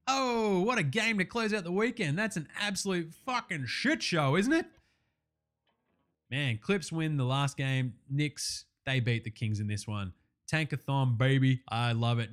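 A man with an Australian accent hosting a basketball podcast, talking in a relaxed, sweary, laid-back way. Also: on the high side. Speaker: podcast host. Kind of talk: casual podcast chat.

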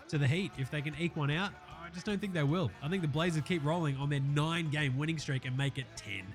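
A man's voice: fairly high pitch, fast, soft background music. A man with an Australian accent hosting a basketball podcast, casual and slangy, swearing freely. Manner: swears freely, laid-back slangy banter. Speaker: podcast host. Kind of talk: casual sports podcast chat.

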